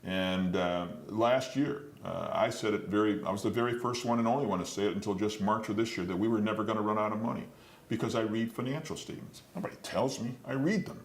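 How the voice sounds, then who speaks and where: A man running for mayor, answering interview questions in a firm, deliberate way and slowing down to stress his points. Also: on the low side, echoey room. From Detroit, USA. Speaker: mayoral candidate.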